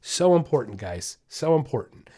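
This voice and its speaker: A man's voice: mid-range voice, big pitch swings, moderate pace, warm tone, husky. A man hosting a dog-training podcast, explaining steps in a casual, upbeat way and often checking in with listeners. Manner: casual, upbeat, addresses listeners as guys, many okays and rights. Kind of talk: instructional podcast talk.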